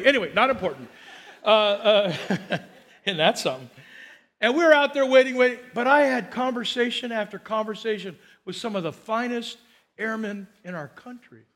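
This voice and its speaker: A middle-aged man preaching a sermon as pastor, chatty and storytelling with quick asides, slowing down and lifting his voice when he preaches scripture. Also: sits high, a bit bright. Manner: slows and lifts voice to preach scripture.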